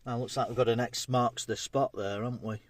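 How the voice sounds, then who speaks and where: A man's voice: medium pitch, fairly even intonation, brisk, no echo. Chatty man reviewing food. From England. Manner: chatty, matey, talks between bites. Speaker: food vlogger. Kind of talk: casual food review vlog.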